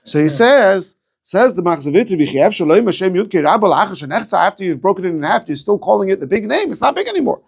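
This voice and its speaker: A rabbi teaching a casual Torah class to a small group, digressive and thinking aloud with fillers and restarts. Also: male voice, sits high, very animated, fast, gravelly, slightly rough.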